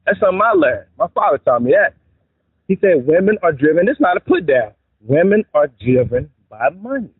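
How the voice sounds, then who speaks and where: A man giving relationship advice in a casual, animated monologue, with joking asides. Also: fairly high pitch, moderate pace, slightly rough, no room sound. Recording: dry, tinny phone-like sound.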